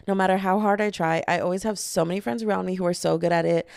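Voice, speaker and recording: A young woman hosts her own podcast alone, rambling through jokes at her own expense. Her voice has a steady gravelly fry at the ends of phrases. The sound is close and dry, with no room around it. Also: lowish voice, dry recording. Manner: rambling, self-deprecating, jokey. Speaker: podcast host. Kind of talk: solo casual podcast chat. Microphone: podcast microphone.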